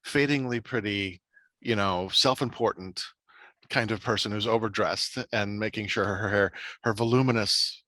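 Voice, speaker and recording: A middle-aged man, a podcast host and writer, talking in a casual, animated way with many restarts and fillers. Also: on the low side, normal speed, no room sound. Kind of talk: casual chat.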